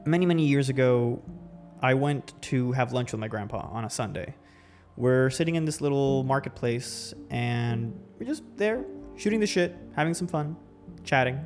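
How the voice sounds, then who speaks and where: A man hosting a podcast, telling a personal story in a loose, reflective way, full of restarts. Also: medium pitch. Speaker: podcast host. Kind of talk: casual storytelling.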